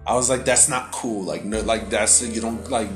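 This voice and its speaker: A young man in casual chat, telling a story in an animated, profane way with many fillers. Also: fairly low pitch, normal speed. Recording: echoey room with loud music behind.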